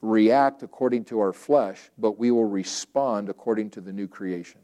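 A man's voice: fairly low pitch, fairly even intonation, normal speed, warm tone. A man preaching a sermon in a conversational way, acting out quoted prayers and objections and often restarting phrases.

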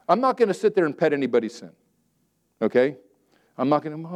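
A male pastor preaching a sermon, swinging between loud emphatic declarations and quiet, conversational asides. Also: a little high, very animated, fast, long pauses.

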